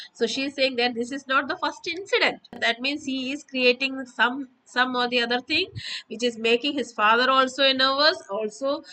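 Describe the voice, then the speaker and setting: Bright-voiced woman teaching. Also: on the high side, poor audio. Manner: explains word by word, repeating with "that means". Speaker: English teacher. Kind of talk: lesson explanation.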